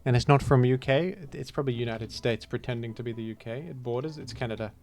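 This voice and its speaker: A man talks through a guessing game in loose, rambling commentary. He jokes and breaks into mock-outraged asides, at an everyday middle pitch. Faint music plays behind him. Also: fast, vocal fry, darkish tone. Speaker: gaming video host. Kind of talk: casual gameplay commentary.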